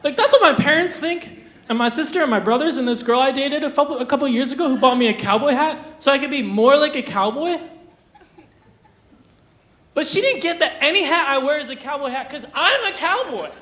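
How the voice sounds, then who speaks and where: A young stand-up comic with a high voice tells absurd jokes in a flat, deadpan way. The delivery stumbles through restarts and little fillers. The sound carries the roomy echo of a live venue. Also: brisk. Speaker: stand-up comedian. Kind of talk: stand-up comedy set. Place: live comedy venue stage.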